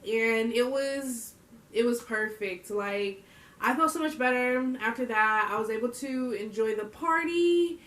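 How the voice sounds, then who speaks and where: A woman's voice: on the high side, a little slow, a bit bright, recorded from a distance. A young adult woman vlogging, telling a story to camera in a casual, slangy way and laughing often. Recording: roomy echo.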